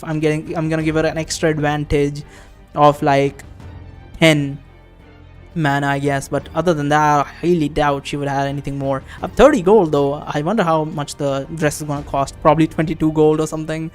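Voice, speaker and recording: A man's voice: on the high side, little pitch movement, moderate pace, faint music behind. A man playing a text adventure, reading its passages aloud and chatting casually between them, swearing offhandedly as he thinks aloud. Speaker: game streamer. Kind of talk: let's-play commentary, reading game text aloud.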